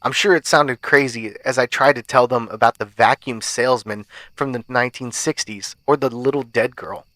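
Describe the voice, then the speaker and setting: A man hosting a podcast, reading a first-person horror story aloud in a measured, suspenseful way. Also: medium pitch, bright, forceful tone, no echo. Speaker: podcast host and narrator.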